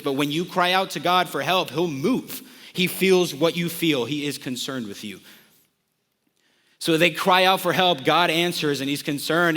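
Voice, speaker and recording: Young man, casual college sermon, bright forceful voice, long reverb, chatty storytelling. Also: mid-range voice. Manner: conversational, filler-heavy storytelling. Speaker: college ministry speaker. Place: outdoors in a desert.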